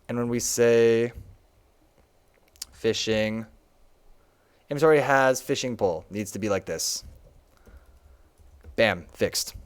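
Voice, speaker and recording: A man's voice: medium pitch, smooth. A young man casually walking through his own game on a live stream, chatty and laughing often.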